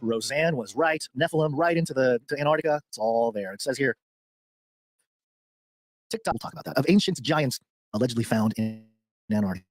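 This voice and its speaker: A man's voice: mid-range voice, animated, fairly quick, pauses often, no room sound. A man co-hosting a podcast who rambles, restarts his sentences and laughs easily. He is a father of young children. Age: adult with young children. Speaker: podcast co-host. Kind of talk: casual chat.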